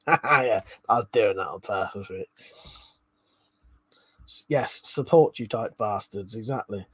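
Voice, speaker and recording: A man's voice: medium pitch, a little slow, slightly rough, no echo. A man hosting a casual livestream, reading viewers' comments aloud, chuckling and swearing freely. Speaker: livestream host reading chat. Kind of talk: casual chat.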